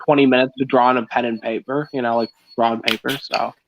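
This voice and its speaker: A man's voice: medium pitch, fast, noisy background. A young man chatting casually on a live stream, rambling and poking fun at himself as he tells stories. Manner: rambling, self-mocking, animated storytelling. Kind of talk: casual chat. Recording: muffled lo-fi call audio.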